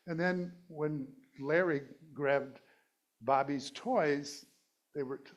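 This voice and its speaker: A man's voice: on the high side, takes it slowly, highs cut off. A middle-aged male minister giving a conversational, playful sermon and laughing at his own jokes. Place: church sanctuary.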